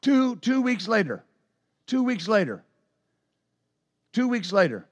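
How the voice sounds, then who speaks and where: A man preaching a sermon, telling stories in an animated way with sudden exclamations. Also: high-pitched, slow pace. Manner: animated storytelling with bursts of exclamation. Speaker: pastor.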